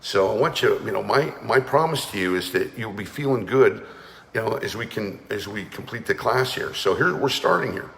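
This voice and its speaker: A man's voice: lowish voice, animated, moderate pace, creaky, a bit bright, long reverb tail. A man leading a guided energy and breathing class, talking firmly and urging listeners to join in. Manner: commanding, urges listeners to participate. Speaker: energy awareness coach.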